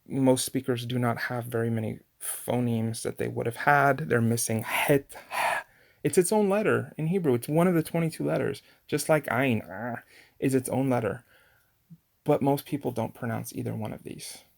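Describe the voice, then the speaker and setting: A man's voice: medium pitch, vocal fry, a little mellow. A man giving a casual language lesson on pronunciation, chatty and full of fillers and restarts. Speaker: language teacher.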